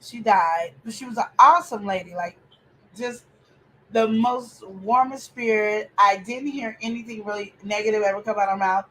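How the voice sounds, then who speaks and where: A woman hosting a family podcast chat, talking in an animated, opinionated way with preachy outbursts. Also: mid-range voice, moderate pace, poor audio. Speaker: podcast host.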